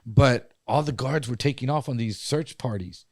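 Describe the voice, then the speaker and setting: A man's voice: medium pitch, moderate pace, darkish tone, dry recording, studio quality. Profane man telling a story. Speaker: podcast co-host. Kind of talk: casual storytelling.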